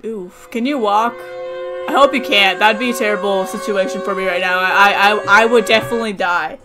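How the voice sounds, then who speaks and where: A gaming channel host giving let's-play commentary, jumpy and excitable, breaking into sudden yelps and nervous chatter while playing. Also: mid-range voice.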